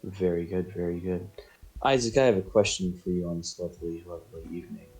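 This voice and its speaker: A man's voice: sits low, steady tone, fairly quick, darkish tone, soft background music. A man narrating as game master in a casual tabletop session, his voice sore, talking loosely with lots of fillers. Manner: loose, filler-heavy, laughing.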